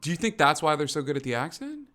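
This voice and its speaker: A man playing a tabletop role-playing game, chatting in an animated way and laughing between sentences. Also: on the high side, fast talker. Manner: animated, laughing, self-interrupting. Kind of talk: casual game-table chat.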